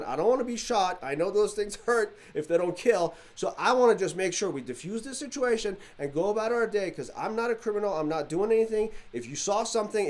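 In a casual podcast chat, a Middle Eastern man with a high voice tells a story. He's animated, performing the quoted dialogue himself.

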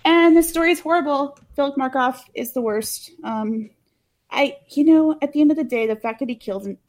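A woman's voice: sits high, a little fast, a little mellow. A woman co-hosting a casual true-crime podcast, talking bluntly with swearing and lots of filler words. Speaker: podcast co-host.

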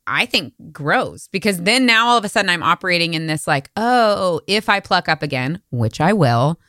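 A woman hosting a podcast, talking in a reflective, earnest way and affirming her guest with soft murmurs. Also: fairly low pitch, lively intonation, moderate pace, dry recording, clean studio sound. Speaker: podcast host. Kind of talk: casual conversational interview.

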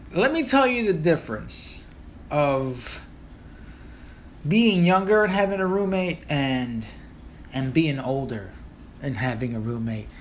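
A man's voice: a little high, a bit bright, a little hiss or hum. A man in his thirties from Puerto Rico, with a Puerto Rican accent, hosting a podcast as a rambling, joking, profane monologue. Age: 30s. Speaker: podcast host. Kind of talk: casual monologue.

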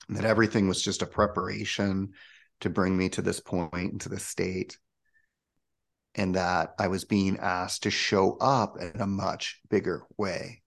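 A man with a low, gravelly voice tells his story in a relaxed interview. He is a spiritual coach, animated and chatty, and he acts out the voices of the people he quotes. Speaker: guest, spiritual coach and channel.

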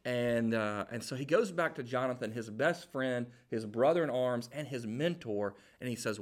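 A man preaching a sermon as jokey, animated storytelling, acting out the people in the story. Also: medium pitch, moderate pace, few pauses.

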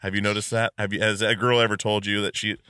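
A man hosting a podcast, chatting and telling stories in an animated way with many fillers. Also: fairly low pitch, fast talker, clear, resonant tone, dry recording, clean studio sound. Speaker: podcast host. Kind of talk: casual chat.

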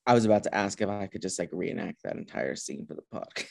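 A man co-hosting a casual movie podcast, talking in an animated way and reading film lines aloud. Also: low-pitched, fast talker, vocal fry. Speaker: podcast co-host.

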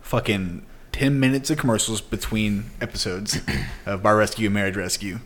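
Young man, low voice, co-host, laid-back, blunt, casual chat. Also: normal speed, a bit bright. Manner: laid-back, laughs along, blunt swearing. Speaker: podcast co-host.

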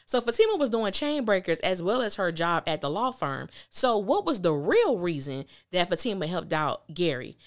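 Animated woman recapping a show. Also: on the low side, normal speed, hardly any pauses. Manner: animated, emphatic storytelling with blunt slang. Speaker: podcast host. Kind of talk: casual episode recap.

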